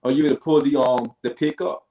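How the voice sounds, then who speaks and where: Teasing podcast host in a roomy space. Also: male voice, mid-range voice, fairly even intonation, fast talker, mellow. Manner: laughing, teasing, steering the show. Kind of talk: casual sports podcast chat.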